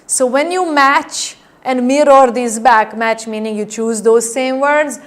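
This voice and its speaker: A woman NLP trainer with a slightly high voice lectures a class, demonstrating each point by acting out changes in tone. She keeps checking in with her listeners, asking them "right?"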